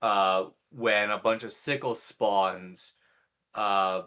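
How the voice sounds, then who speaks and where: Bright-voiced man running a tabletop game. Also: lowish voice, takes it slowly, clear, resonant tone. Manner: relaxed, uses many fillers. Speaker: game master. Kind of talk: casual tabletop game recap.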